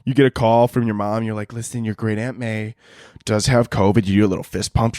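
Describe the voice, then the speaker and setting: A man hosting a solo comedy podcast, ranting with lots of swearing and laughter, and jumping between high mock voices and low mutters. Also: a little fast, no room sound, clean studio sound. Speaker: podcast host.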